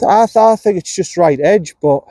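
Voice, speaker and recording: A man's voice: high-pitched, normal speed, mellow, no room sound. A man, a golf vlogger giving casual, chatty commentary while playing, talking to himself and swearing mildly. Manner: chatty, talks to himself, frequent mild swearing. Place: outdoors on a golf course. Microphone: phone camera.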